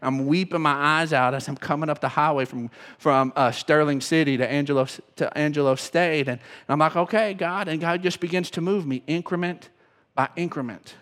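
A man preaching a sermon as pastor, emotional, swinging from loud to hushed. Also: on the high side, moderate pace. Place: church sanctuary. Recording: long reverb of a church hall.

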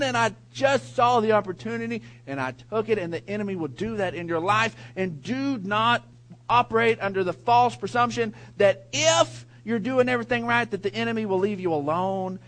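A middle-aged male pastor with a high voice delivers a sermon. He tells a story in a lively way and then presses his points with emphasis. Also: normal speed, low-quality recording. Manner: animated storyteller, builds to emphatic preaching.

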